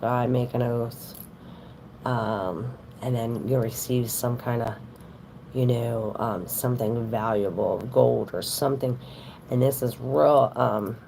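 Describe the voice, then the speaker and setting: A woman reading tarot cards live, chatting loosely with her viewers. Her voice sits extremely low and has a gravelly crackle. She speaks slowly and talks straight to her audience. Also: warm tone. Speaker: tarot reader on a livestream. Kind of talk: casual livestream tarot reading.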